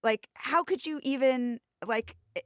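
A woman co-hosting a podcast, talking casually in a halting, hesitant way. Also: high voice, no room sound, studio quality. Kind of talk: casual chat.

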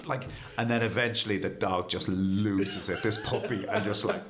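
A man's voice: fairly low pitch, normal speed, few pauses. A man co-hosting a podcast, chatting casually and acting out voices and barks as he tells stories. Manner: animated storyteller, acts out voices and barks. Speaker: podcast co-host. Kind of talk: casual chat.

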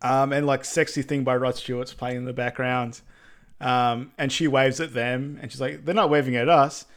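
A man's voice: mid-range voice, little pitch movement, normal speed. Chatty man co-hosting a podcast. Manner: chatty, laughs easily, many ums. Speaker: podcast co-host. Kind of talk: casual movie rewatch chat.

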